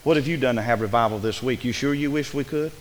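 Fervent preacher in an echoing church. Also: male voice, medium pitch, fast talker, slight background noise. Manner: preaching with rising fervor, rhetorical questions to the congregation. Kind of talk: sermon. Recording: long hall reverb.

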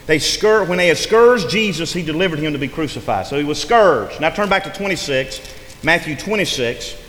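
In a reverberant hall with long echo and faint noise, a man preaches with a somewhat high, animated, slightly bright voice at normal speed. His cadence rises and falls in preaching style, and he often leans on his words.

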